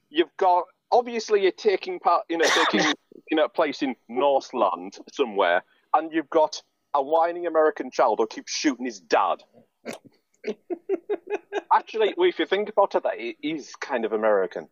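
A man's voice: on the high side, very animated, normal speed, no room sound, highs cut off. A man in casual chat, sardonic and sweary, ranting as he mimics characters.

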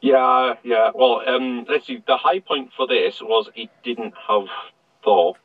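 A man on a casual podcast panel, rambling and halting but opinionated. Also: medium pitch, no room sound. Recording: dull, dry lo-fi mic.

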